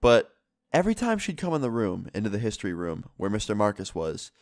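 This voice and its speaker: A man's voice: fairly low pitch, huge pitch swings, brisk, no echo, clean studio sound. A young man with a stuffy, sick voice, telling a story in a casual vlog, rambling and swearing with lots of "like". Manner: rambling, profane, many fillers of "like". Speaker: YouTuber telling stories.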